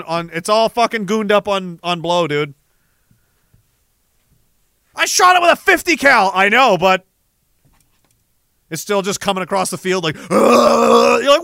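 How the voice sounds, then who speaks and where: High, bright-voiced profane young man. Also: no room sound, studio quality. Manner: animated, profane, jumps into sudden shouts. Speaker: live streamer. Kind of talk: rambling comedic chat reading viewer messages.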